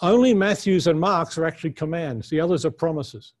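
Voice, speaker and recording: A man's voice: on the high side, lively intonation, a little fast. A man teaching a conference session on the Bible, earnest and unscripted, often restarting his sentences as he thinks aloud. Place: conference room.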